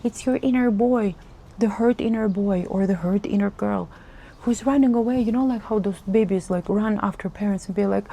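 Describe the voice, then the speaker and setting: Woman, spiritual reader, earnest and emotional, mellow, dark tone, faint background noise. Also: medium pitch, vocal fry. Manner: slow, earnest, repetitive, emotional. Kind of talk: heartfelt spiritual message.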